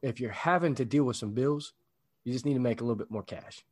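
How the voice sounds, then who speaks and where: Man, podcast co-host, casual chat, motivational, affirming, repeats words, mid pitch. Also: quick pace, darkish tone.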